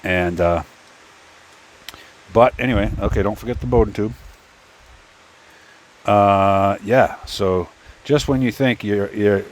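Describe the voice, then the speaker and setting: Speaking slowly with long pauses, this man has a voice on the low side. He's a 3D printing YouTuber fiddling with a printer and telling a casual story, rambling and stopping and starting as he talks to himself, captured on a phone mic.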